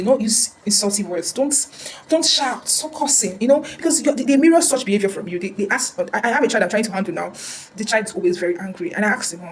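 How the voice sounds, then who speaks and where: A woman's voice: medium pitch, slight background noise, rough recording. A woman counselor giving earnest advice in a casual talk, often repeating words and restarting.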